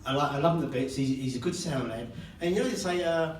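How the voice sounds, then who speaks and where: An older man gives a father-of-the-bride speech at a wedding reception, poking fun at himself and chuckling as he goes. His voice sits a little high for a man. He is heard from a distance in an echoey hall with noticeable room noise. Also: quick pace. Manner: joking and self-mocking, laughing between lines.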